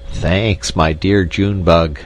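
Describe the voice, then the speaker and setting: A man's voice: deep voice, steady tone, slow, slight background noise. A man voicing a lazy, querulous male weasel king in a storybook reading, snappish and whiny.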